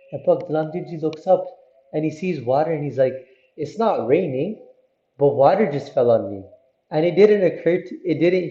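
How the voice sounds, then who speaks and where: A man telling a religious story to children, lively and often asking his listeners questions. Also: a little high. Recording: muffled, roomy recording.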